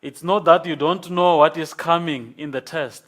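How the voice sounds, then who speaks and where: A man lecturing a class, explaining slowly and patiently and checking in with "okay?". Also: on the high side, steady tone, fairly bright tone.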